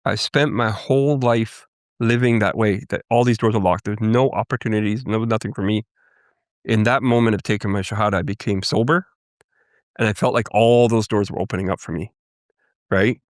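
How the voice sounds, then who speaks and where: A man from Canada, a Cree guest, earnestly recounting his life in a halting interview testimony. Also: on the low side, steady tone, dry recording, clean studio sound. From Canada, First Nations Cree. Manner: earnest, halting storytelling with restarts.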